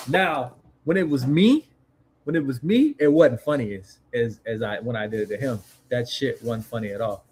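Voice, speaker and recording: A man co-hosting a casual podcast, telling family stories in an animated, profane way and acting out his relatives. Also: mid-range voice, normal speed, a little hiss or hum. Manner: animated, profane storyteller who acts out family members. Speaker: podcast co-host. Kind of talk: casual chat.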